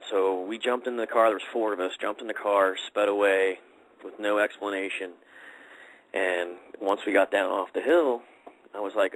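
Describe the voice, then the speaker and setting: Deep-voiced man telling a rambling story. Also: fairly quick, fairly bright tone, rough recording. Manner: rambling, conversational, many fillers. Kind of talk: casual storytelling on a podcast.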